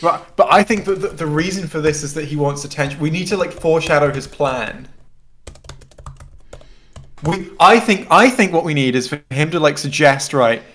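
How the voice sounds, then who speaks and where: A man's voice: a little high, normal speed, fairly bright tone. A man co-hosting a casual writing session, thinking aloud eagerly with many fillers and restarts. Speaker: co-writer and co-host. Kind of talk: casual brainstorming chat.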